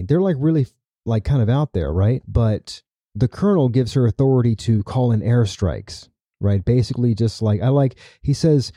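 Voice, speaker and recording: Dark-voiced man recapping a story. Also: medium pitch, animated, normal speed, no room sound, studio quality. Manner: chatty, tags lines with "right?". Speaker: podcast host.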